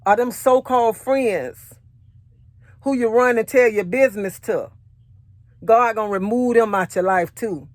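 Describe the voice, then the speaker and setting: A married adult woman gives a motivational faith talk in a fairly high voice, speaking a little slowly with no room sound. As a faith encourager, she earnestly repeats her points in conversational, preaching style and shares her personal testimony in casual vernacular.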